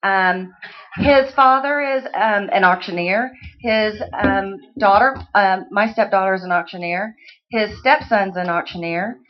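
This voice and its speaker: A woman from Texas, an auctioneering student who chats about herself and then calls bids in a quick rising chant. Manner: rapid chant of bids, rising high and loud. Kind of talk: live auction calling. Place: auction hall, live audience. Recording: dull lo-fi sound.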